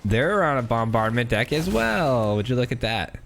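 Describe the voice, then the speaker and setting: A man's voice: mid-range voice, big pitch swings, normal speed, creaky, a bit bright, soft background music. A male gaming host with a stuffy nose, giving casual, chatty commentary while he plays and thinks aloud. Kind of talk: gameplay commentary.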